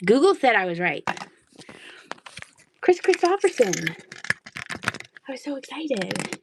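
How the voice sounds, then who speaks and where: Casual live-seller, woman, gravelly fry, chatty and giggly, wanders off on tangents. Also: mid-range voice, very animated, slow pace, long pauses, a little mellow, a little hiss or hum. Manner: chatty, giggly, rambling asides. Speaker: online thrift seller. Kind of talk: casual live-stream selling.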